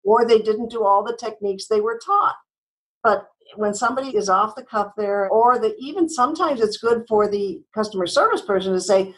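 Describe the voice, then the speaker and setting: A woman from the United States, a guest in a podcast interview, speaking briskly and instructively and acting out sample phone calls. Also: mid-range voice, poor audio. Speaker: guest, customer service trainer.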